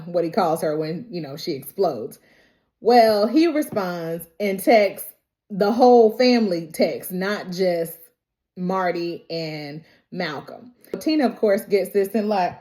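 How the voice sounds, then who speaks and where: Lively, laughing woman recapping TV. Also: fairly low pitch, measured pace. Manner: animated, laughing often, slangy. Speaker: TV recap vlogger. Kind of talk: casual TV episode recap.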